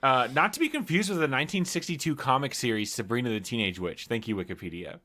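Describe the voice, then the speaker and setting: A man's voice: medium pitch, lively intonation, fast talker, bright, forceful tone. A man co-hosting a comedy podcast, chatting casually and joking with a laugh. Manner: jokey, laughs often. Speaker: podcast co-host.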